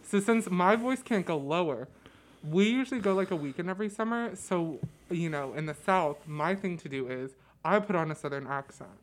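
A young man with a naturally high, light voice, chatting as a guest in a playful, sassy way with lots of fillers. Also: animated, normal speed. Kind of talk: casual podcast chat.

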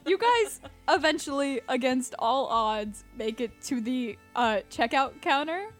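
A young woman, slowly narrating a tabletop game as game master, with lots of ums. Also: high voice, expressive, soft background music. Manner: unhurried, giggly, with many ums.

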